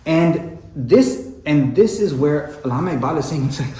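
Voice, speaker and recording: A man's voice: on the high side, expressive, normal speed, warm tone, reverberant, low-quality recording. A man giving an impassioned lecture on poetry and faith, often asking his listeners "right?", and growing emotional. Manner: impassioned, tag questions "right?". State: emotional, clearing throat. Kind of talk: religious study lecture.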